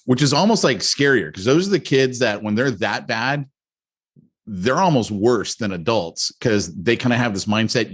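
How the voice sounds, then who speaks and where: A man co-hosting a podcast, casually retelling a story with lively quoted asides. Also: mid-range voice, normal speed, slightly rough. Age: adult with a ten-year-old son. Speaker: podcast co-host.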